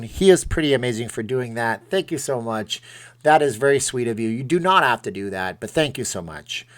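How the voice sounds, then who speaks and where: Streaming live from home, a man with a mid-range voice reads viewer comments aloud and answers them. He's casual, chatty and self-deprecating.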